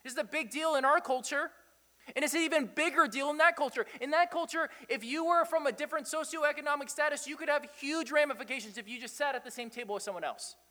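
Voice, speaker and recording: A pastor with a high-pitched voice delivers a lively sermon. He prods his listeners with rhetorical questions and chuckles often as he makes his points. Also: fast, big-room sound.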